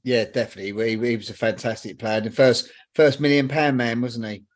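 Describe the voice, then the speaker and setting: A man's voice: mid-range voice, steady tone, fairly quick. A man co-hosting a casual football radio chat, stumbling and repeating his words. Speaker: co-host.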